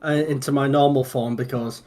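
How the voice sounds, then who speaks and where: A man's voice: medium pitch, level tone, a little fast, darkish tone, faint music behind. A man playing a tabletop game, asking questions and hesitating with fillers. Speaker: player.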